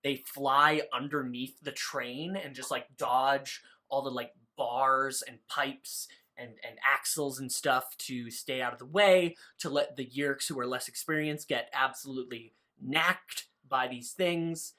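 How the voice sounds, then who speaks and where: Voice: medium pitch, fairly even intonation, a little slow, few pauses, bright, forceful tone. A podcast co-host recapping a book in casual chat, loose and profane, full of "like" fillers.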